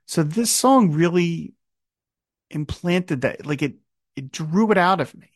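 A man's voice: on the high side, animated, unhurried, no room sound, studio quality. A man in his fifties hosting a podcast, musing casually about a song with many fillers and restarts. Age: 50s. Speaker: podcast host.

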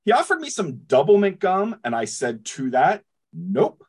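Husky, animated male co-host. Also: sits high, moderate pace. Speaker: podcast co-host. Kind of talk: casual chat and read introduction.

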